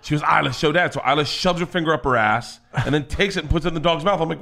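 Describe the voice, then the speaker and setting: A man, a comedian, telling family stories on a podcast in a loud, profane way, laughing as he goes. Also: fairly high pitch, fast, vocal fry, few pauses. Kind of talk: casual storytelling.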